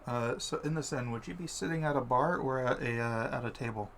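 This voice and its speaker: A man hosting and narrating a tabletop game as game master, playful and relaxed. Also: mid-range voice, a little fast, a little hiss or hum.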